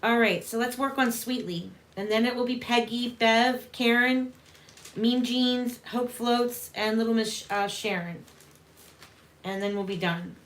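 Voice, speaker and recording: A woman's voice: fairly high pitch, fairly even intonation, unhurried. A woman hosting a live tarot reading, chatting casually with viewers and calling them honey. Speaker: tarot reader and livestream host.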